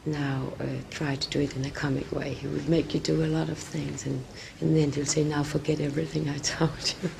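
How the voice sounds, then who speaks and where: Woman, actress, gravelly voice, halting, faint tape hiss. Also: deep voice, little pitch movement. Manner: halting, searching for words, many restarts. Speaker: actress and director, interview guest. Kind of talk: casual interview talk.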